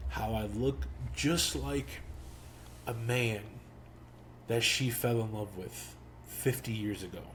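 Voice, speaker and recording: A young man hosting a podcast, telling a personal story slowly and reflectively, with pauses. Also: mid-range voice, a bit bright, slight background noise. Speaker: podcast host. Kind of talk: storytelling monologue.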